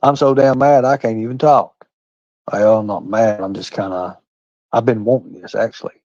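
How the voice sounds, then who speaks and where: A man's voice: lowish voice, steady tone, normal speed, darkish tone, dry recording, muffled recording. A man hosting a livestream, talking in a blunt, profane, preachy way with folksy phrasing like "by God" and "ain't". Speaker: livestream host. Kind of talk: heated livestream rant.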